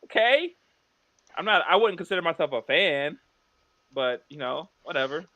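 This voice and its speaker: A man's voice: fairly high pitch, lively intonation, normal speed, bright, forceful tone, no echo. A young man co-hosting a podcast, chatting casually, joking and arguing his point in banter. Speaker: podcast co-host. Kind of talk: casual chat.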